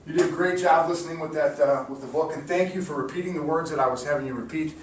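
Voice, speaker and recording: Upbeat man teaching in an echoey room. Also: a little high. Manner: upbeat, encouraging, drawn-out sounded-out words. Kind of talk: mock classroom lesson. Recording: echoey room, distant mic, faint hiss.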